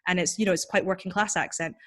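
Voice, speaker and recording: A woman's voice: fairly low pitch, fast talker, a bit bright. A woman from Scotland with a general Scottish accent, speaking confidently and forthrightly as a guest in a casual video-call conversation. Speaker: guest author.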